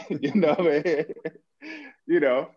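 A man's voice: on the high side, big pitch swings, takes it slowly, slightly rough, highs cut off. A man who works as a financial advisor, talking casually on a podcast in a blunt, joking way, full of slang. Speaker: financial advisor, show regular.

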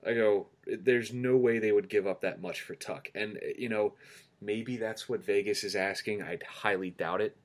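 A man's voice: lowish voice, normal speed. A man co-hosting a casual sports podcast, who tells stories animatedly and acts out what people said. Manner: animated storyteller, acts out quotes. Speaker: podcast co-host.

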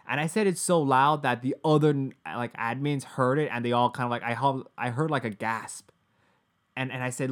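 A man's voice: mid-range voice, normal speed. Brief: casual male podcast host, chatty storyteller, loose and rambling. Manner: chatty storyteller, many fillers and restarts. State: in pain from a medical issue. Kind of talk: casual chat.

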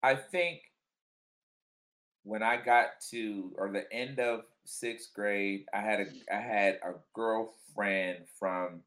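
A man co-hosting a casual podcast chat, teasing his co-host and asking probing questions between loud laughs. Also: lowish voice.

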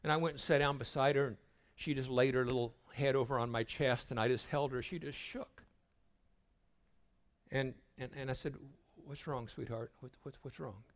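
An older man giving a sermon at a retreat, telling stories and stumbling over repeated words as he begins a thought, sometimes dropping to a hushed voice. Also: mid-range voice, fairly even intonation, normal speed. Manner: storytelling, dropping to a hushed voice for tender moments. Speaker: retreat speaker.

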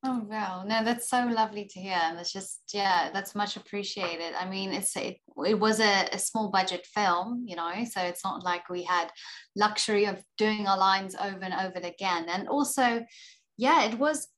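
A young adult woman with a South African accent talks easily in a casual interview, pitched in the middle range. She speaks freely, often stopping to add "you know" while she gathers her thoughts. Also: normal speed, fairly bright tone. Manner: chatty, frequent "you know" fillers. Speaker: actor and filmmaker guest.

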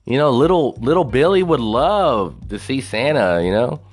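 A man's voice: medium pitch, expressive, moderate pace, soft background music. A man hosting a podcast alone, rambling and swearing a lot, laughing at his own jokes. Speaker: podcast host. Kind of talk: casual solo podcast rant.

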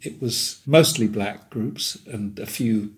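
A slow, lowish voice belongs to this man in his seventies from England. As a guest in a casual chat, he tells stories in a wandering, entertained manner and laughs a lot.

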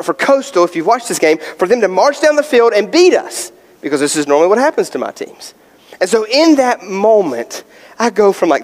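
High-voiced male pastor, lively storyteller full of fillers, preaching in a reverberant church hall. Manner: animated storytelling, many fillers. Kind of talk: sermon.

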